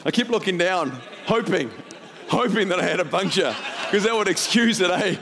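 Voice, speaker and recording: A middle-aged male pastor, telling a story in a sermon, laughing often and building to shouts. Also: high voice, normal speed, big-room sound, crowd noise, noisy background.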